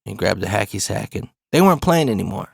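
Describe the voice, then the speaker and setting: A man in his forties tells a personal story in a loose, swearing, street-talk way. His voice has a gravelly edge. The sound is dry and close, with no room around it. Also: lowish voice, big pitch swings, quick pace, no room sound. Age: 40s. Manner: profane, laid-back street talk.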